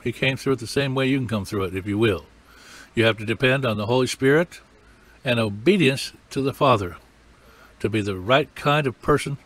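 An older man preaches a sermon in a mid-range, fairly bright voice. His teaching is folksy and emphatic, and he acts out cries and quotations as he goes.

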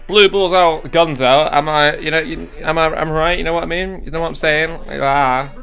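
A young man commentating a video game, excitable and jokey, yelling and swearing at it and talking himself down between fits. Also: a little high, normal speed, vocal fry, faint music behind. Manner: talks to himself, jokey asides. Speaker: gaming YouTuber. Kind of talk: let's play commentary.

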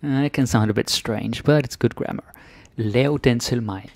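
A man with a Danish accent teaching Danish grammar in English, chatty, with "ikke?" tags and sudden soft whispers. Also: medium pitch, normal speed, gravelly, dry recording. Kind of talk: explaining grammar to learners.

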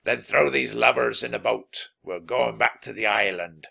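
A man voicing a gruff, growling pirate captain in a storybook reading. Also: medium pitch, moderate pace, sharp tone, heavily acted. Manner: growling, roaring. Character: gruff one-eyed male pirate captain.

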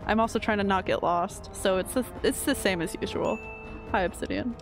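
A woman's voice: medium pitch, brisk, music in the background. A young woman streaming a video game, chatting casually and rambling, swearing freely and poking fun at herself. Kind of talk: casual gameplay commentary.

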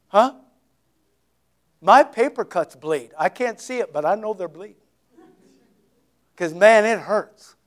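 A man's voice: high voice, lively intonation, slow, pauses often. A male pastor preaching a sermon, telling Bible stories dramatically with folksy, conversational asides. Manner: dramatic storytelling, acting out scenes.

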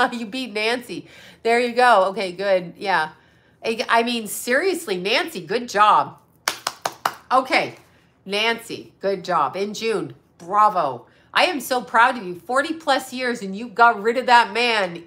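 Blunt, bright-voiced woman with a sarcastic edge. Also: medium pitch. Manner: blunt, sarcastic, swears freely. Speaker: psychic medium and astrologer host. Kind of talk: casual livestream chat.

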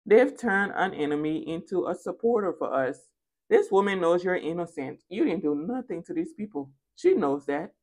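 A woman's voice: lowish voice, lively intonation, moderate pace, a little mellow. A woman giving a spoken tarot reading, casual and chatty, repeating phrases for emphasis. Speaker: tarot reader.

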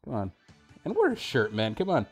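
A man hosting a let's play, giving casual gameplay commentary, excitable and joking as he talks back to the screen. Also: medium pitch, fairly quick, slightly rough, soft background music.

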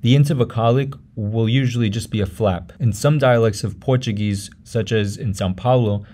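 Low, mellow-voiced man teaching pronunciation. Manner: measured, repeats each example word slowly. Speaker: language teacher. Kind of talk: explanatory lesson narration.

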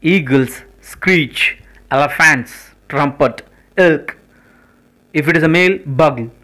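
A man hosting his own channel, reading a list of animals and their sounds one by one, slowly and deliberately. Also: on the high side, bright, forceful tone, poor audio. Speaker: channel host. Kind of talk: educational word list reading.

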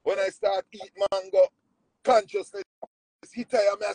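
A man's voice: brisk, gravelly, breathy edge, no room sound, poor audio. Jamaican nutritionist, man, bold swooping delivery, dry close sound. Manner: animated, preachy, swings pitch widely. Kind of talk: casual spiritual storytelling.

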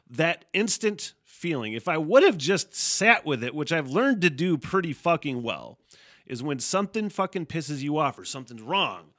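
A man's voice: medium pitch, bright, forceful tone. A man hosting a casual solo podcast, rambling and swearing freely, often laughing mid-sentence. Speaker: podcast host.

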